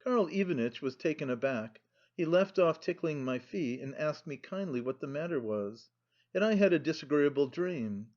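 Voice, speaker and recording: A man reads an audiobook aloud in a slow, measured way. His voice sits a little high for a man. The recording has a dull, lo-fi sound. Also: expressive, a little mellow. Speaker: audiobook narrator. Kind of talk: scripted audiobook narration.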